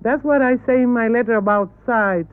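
A woman from Cuba, a native Spanish speaker with a Cuban Spanish accent, answering questions earnestly in halting English and correcting her questioners. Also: a little high, clear, resonant tone. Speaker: interview guest. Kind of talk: televised panel interview. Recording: tinny archival broadcast audio.

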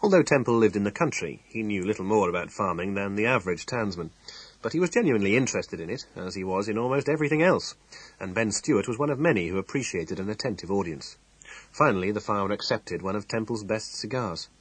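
A man narrating an audiobook in measured, expressive storytelling. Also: lowish voice, slightly rough, no echo, poor audio. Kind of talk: scripted narration.

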